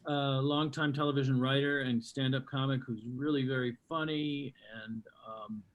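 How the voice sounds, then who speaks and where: A man's voice: mid-range voice, steady tone, normal speed, narrow, tinny audio. A man hosting a live-streamed comedy show, introducing a comic with rambling, hesitant banter.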